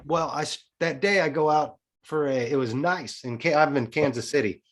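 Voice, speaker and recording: A man in his forties, his voice a little high and his speed normal, appears as a podcast guest. In casual chat he tells a personal story with lively energy, speaking frankly and swearing often.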